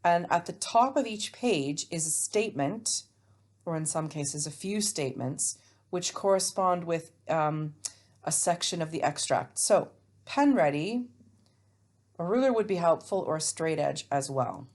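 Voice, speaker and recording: A woman's voice: sits low, lively intonation, measured pace, darkish tone. A woman teaching a remote English lesson alone, chatty and self-mocking as she explains step by step. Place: alone, recording for students at home.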